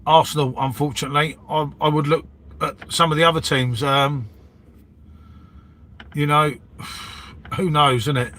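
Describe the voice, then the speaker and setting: Rambling bloke saying mate. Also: male voice, fairly high pitch, steady tone, measured pace, pauses often, fairly bright tone. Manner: matey, rambling, says "mate" and "innit" constantly. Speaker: livestream host chatting with viewers. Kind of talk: casual live-stream chat.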